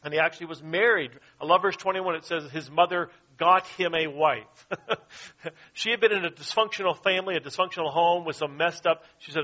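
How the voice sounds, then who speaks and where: A man's voice: a little high, normal speed, pushed and bright, lo-fi sound. A man preaching a sermon in an earnest way, often repeating his key phrases. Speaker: pastor.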